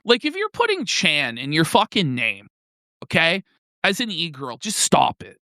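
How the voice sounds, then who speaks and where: A young man co-hosting a crude comedy stream, mocking and loud, slipping into joke voices. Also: a little high, huge pitch swings, normal speed, no room sound, clean studio sound. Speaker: podcast co-host.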